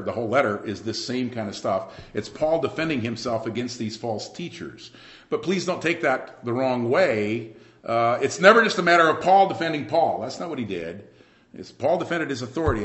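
A man preaching a sermon, emphatic and lively, swinging between loud bursts and quiet asides. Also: mid-range voice, reverberant. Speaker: pastor.

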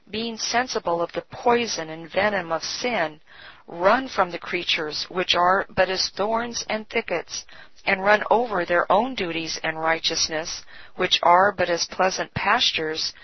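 A woman giving a solemn, measured scripted devotional reading. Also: fairly low pitch, slightly rough, dry recording. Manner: slow, solemn, measured delivery. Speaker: devotional reader. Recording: dull, dry lo-fi recording.

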